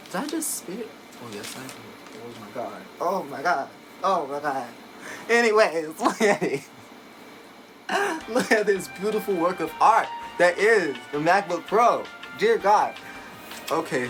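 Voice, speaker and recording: A man chatting casually while unboxing a laptop, excitable and gushing, recorded on a phone at home. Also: mid-range voice, rough recording. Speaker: tech unboxing vlogger. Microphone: phone camera. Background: background music.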